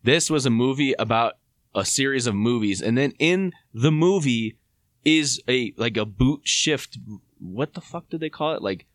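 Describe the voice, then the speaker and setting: A man's voice: mid-range voice, animated, normal speed, fairly bright tone, no room sound, clean studio sound. Laid-back man chatting on a podcast. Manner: laid-back, laughing, slangy. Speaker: podcast co-host. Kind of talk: casual chat.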